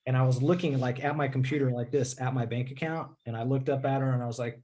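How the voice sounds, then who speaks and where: A man telling a personal story in a casual interview, candid and rambling, often clearing his throat and saying "dude". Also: mid-range voice, steady tone, fast, warm tone.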